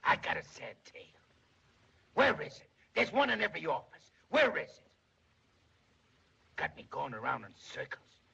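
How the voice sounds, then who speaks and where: An actor playing a shrunken, boastful, self-pitying little man in a 1930s film comedy, with a gravelly, raspy voice and a theatrical manner full of grand words and wordplay. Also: medium pitch, moderate pace, bright, forceful tone, full character voice. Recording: dull lo-fi 1930s film soundtrack.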